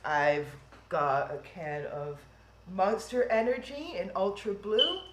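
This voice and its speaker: A woman's voice: mid-range voice, slow pace, reverberant, a little hiss or hum, poor audio. A woman hosting a live-streamed event from home, rambling in a chatty, self-deprecating way. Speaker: event host. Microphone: webcam stream.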